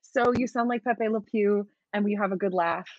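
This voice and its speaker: A woman's voice: mid-range voice, normal speed, darkish tone, no echo, muffled recording. A woman game master chatting casually about running her campaign, laughing often and restarting her sentences. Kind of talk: casual talk-show chat.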